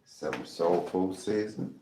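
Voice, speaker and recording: A man's voice: low-pitched, animated, measured pace, mellow, reverberant, slight background noise. A man cooking in his home kitchen for a casual vlog, chatting and calling out to his viewers as he seasons his food. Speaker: cooking vlogger.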